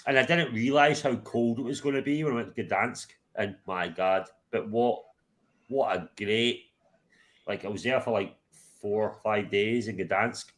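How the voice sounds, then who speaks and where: A man's voice: fairly low pitch, unhurried, a bit bright. A Glaswegian man hosting a livestream, chatting casually, swearing freely and laughing often. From Scotland. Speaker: livestream host.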